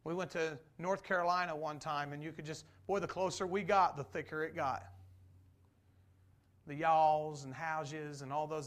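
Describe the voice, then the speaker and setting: A man preaching a conversational sermon, full of rhetorical questions, swinging between loud emphasis and slow, quiet stresses. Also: fairly high pitch, steady tone. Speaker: pastor.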